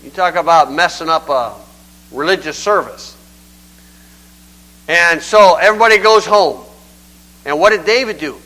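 A man's voice: fairly high pitch, moderate pace, long pauses, bright, forceful tone, poor audio. An older man preaching a sermon in a folksy, conversational and emphatic way.

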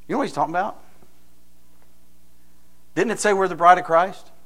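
A male pastor delivers a sermon in a warm, folksy, storytelling way. His voice sits slightly high, and it climbs into loud, emphatic bursts when he drives a point home.

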